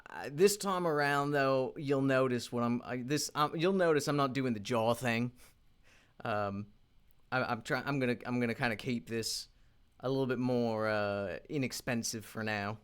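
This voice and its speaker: A man's medium-pitched voice comes across unhurried, a bit bright, clear, and resonant. He's an independent animation creator in a casual work vlog, thinking aloud as he works on his animation and rambling with repeated restarts and filler words.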